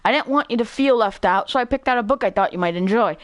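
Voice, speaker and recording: A shy, bookish schoolgirl from a visual novel game, read out by a woman in a somewhat high voice. She speaks softly and hesitantly, and the sound is dry and close. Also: quick pace, no room sound, close to an everyday voice.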